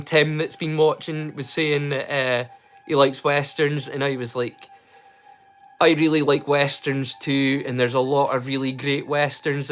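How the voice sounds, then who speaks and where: Speaking from his rural Scottish home, this livestream host chats loosely in a Scottish accent, full of slang and false starts. His voice sits a little high and sounds somewhat bright.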